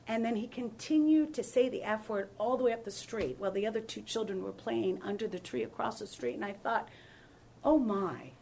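A woman pastor leading a Bible study, telling stories and acting out dialogue with lively shifts in voice. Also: on the high side, normal speed, husky. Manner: animated storyteller, acts out dialogue.

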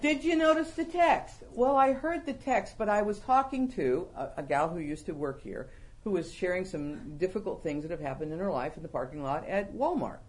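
A woman hosts a Christian talk show, chatting animatedly, laughing often and frequently poking fun at herself. Her fairly low voice moves at a moderate pace, with a little hiss or hum on the recording.

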